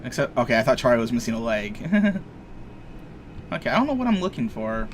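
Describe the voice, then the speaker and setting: A man's voice: medium pitch, very animated, fairly quick, slight background noise. A young man casually commenting on a game he plays, rambling, joking and swearing freely. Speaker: let's play streamer.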